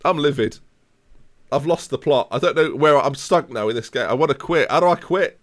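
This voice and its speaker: A man's voice: fairly high pitch, fairly quick, a bit bright. A man in his late twenties, a streamer ranting in theatrical mock outrage during a live game stream, rambling and repeating himself. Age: late 20s. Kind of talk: live gaming stream rant.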